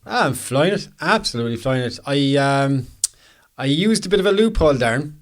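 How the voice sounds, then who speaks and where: An Irish man hosts a casual podcast chat, full of easy laughter and local slang. His voice sits at a middle pitch and carries a relaxed, friendly liveliness. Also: moderate pace. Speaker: podcast host and professional photographer.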